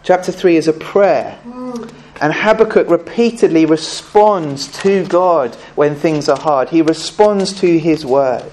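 A man's voice: on the high side, measured pace, a little mellow, a little hiss or hum. A man preaching a sermon in church, conversational and earnest, often putting questions to the congregation.

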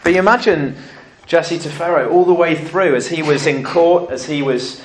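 Man preaching a lively sermon. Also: fairly high pitch, moderate pace, a little hiss or hum. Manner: lively storytelling, acting out quotes.

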